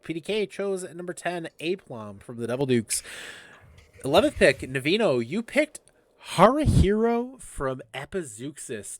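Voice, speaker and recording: A man hosting a casual esports podcast, briskly running through a list of draft picks and asking his co-hosts about them. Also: medium pitch, dry recording. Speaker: podcast host.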